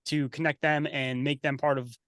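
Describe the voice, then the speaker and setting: A man's voice: medium pitch, flat delivery, normal speed, fairly bright tone, dry recording, clean studio sound. A man who is a podcast guest, ranting in casual chat in a blunt, profane, conspiratorial way.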